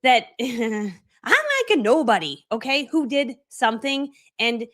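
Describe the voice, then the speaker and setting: Here the forties-aged online coach speaks at a measured pace, her pitch on the high side and her tone a bit bright. Delivering a motivational training session, she stays chatty and self-mocking, reenacts her past responses, and uses plenty of fillers such as "right?".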